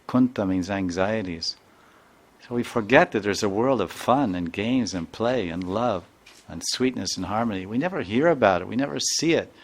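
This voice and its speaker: An older man giving a devotional talk as a spiritual teacher, telling stories in emphatic, repeated phrases. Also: lowish voice. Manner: repetitive, emphatic storytelling with Sanskrit terms.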